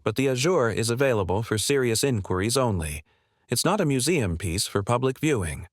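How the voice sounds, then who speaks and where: A man's voice: mid-range voice, animated, fairly quick, no echo, clean studio sound, close to an everyday voice. A male narrator reading the lines of a smug, condescending car sales manager who talks down to people.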